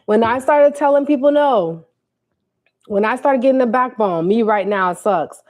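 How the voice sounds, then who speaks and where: A woman's voice: fairly high pitch, normal speed. A young woman, telling a casual storytime on a livestream and acting out what people said. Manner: animated, quotes people in put-on voices, talks to viewers. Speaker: livestream host.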